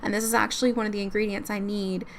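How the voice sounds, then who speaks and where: A woman voicing a nervous young male werewolf in a life-sim game, speaking softly and hesitantly. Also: mid-range voice, level tone, fast, slight background noise, lightly acted. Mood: earnest.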